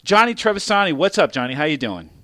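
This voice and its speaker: A man hosting a casual podcast, joking and firing quick questions. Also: on the high side, sing-song, bright, forceful tone, no room sound, studio quality. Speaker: podcast host.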